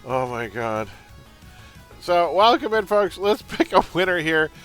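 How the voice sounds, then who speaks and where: A male game streamer talks in a casual, jokey way and laughs easily. His voice sits a little high for a man and swoops around a lot. Soft game music plays underneath. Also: big pitch swings, unhurried. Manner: jokey, chatty, laughs often. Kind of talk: casual live-stream chat.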